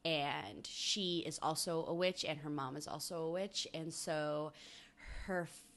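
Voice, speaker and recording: A woman co-hosting a casual chat, playful and chatty with quick asides. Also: deep voice, a bit bright. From United States.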